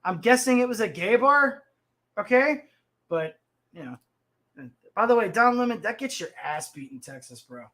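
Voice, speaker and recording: A man in his thirties hosts a livestream in a high-pitched, sharp voice with big pitch swings, at normal speed. He rants about the news in a rambling, profane way while reading the chat.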